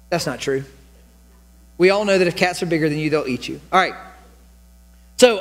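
A man preaching a sermon as pastor, telling the story with animated storytelling and acting out the quoted lines. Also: a little high, normal speed. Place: church sanctuary. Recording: long reverb of a church hall.

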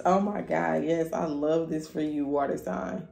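A woman's voice: low voice, moderate pace, creaky, darkish tone. A woman giving a casual tarot reading in a candid, profane way, hyping up her listener. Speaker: tarot reader. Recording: echoey room with faint noise.

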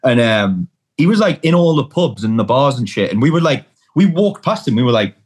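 An Englishman from the North East chats loosely on a podcast, stumbling through repeated starts as his stories spill out. He swears freely and keeps a steady middle pitch throughout. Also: brisk, slightly rough. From North East England. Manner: rambling, sweary storyteller with many restarts. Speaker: podcast guest. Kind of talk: casual chat.

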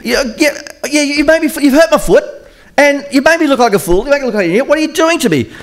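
A man's voice: very high-pitched, expressive, fast talker, pitched above the performer's own voice. A man playing an indignant seer who whines that he has been hurt and made a fool of. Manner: whiny, indignant complaining. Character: indignant ancient male seer, embarrassed and cross.

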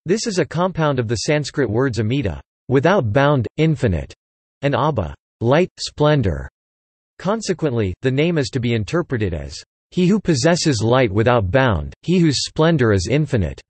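A man's voice: mid-range voice, sing-song, moderate pace, a little mellow, slightly rough, no echo. Synthetic male voice reading an article. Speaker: text-to-speech reader.

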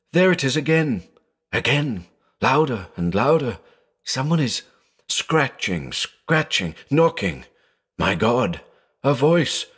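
A man voicing a terrified old blind man who pleads and shrieks in panic. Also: low-pitched.

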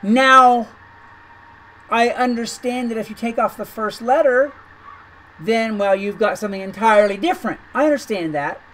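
Woman, high voice, casual gameplay commentary, rambling, incredulous, repeats herself. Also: normal speed, fairly bright tone, rough recording. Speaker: gaming video creator. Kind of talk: chatty commentary over gameplay.

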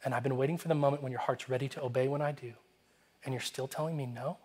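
A kind, fatherly God speaks softly and gently, as a male pastor puts him on in a sermon story. The voice drops a little lower and quieter than an ordinary speaking voice. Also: fast talker, natural voice. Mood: gentle.

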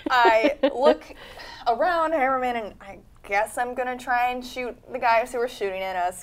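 A woman's voice: a little high, measured pace, slight background noise. A woman playing a tabletop game, giggly and a little hesitant. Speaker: player. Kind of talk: casual play at a tabletop game.

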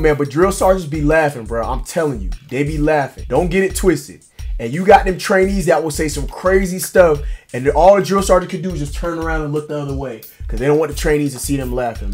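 A man hosting a reaction video, chatting casually in loose slang. His voice sits a little on the high side, and soft music plays behind him. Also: animated, fairly quick. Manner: laid-back slangy banter. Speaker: video reaction host, drill sergeant.

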